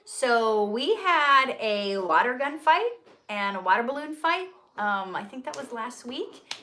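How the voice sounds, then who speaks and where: A woman's voice: on the high side, big pitch swings, a little slow, bright, forceful tone, a little hiss or hum. A woman hosting a casual Q&A livestream, chatty and upbeat, laughing easily as she reads out questions. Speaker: host and actress.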